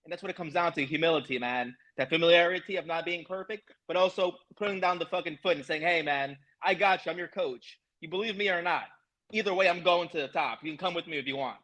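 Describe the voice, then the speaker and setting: Emphatic high-voiced male host, motivational, profane, casual chat. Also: fast talker, fairly bright tone, poor audio. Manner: emphatic, motivational, profane, calls listener bro.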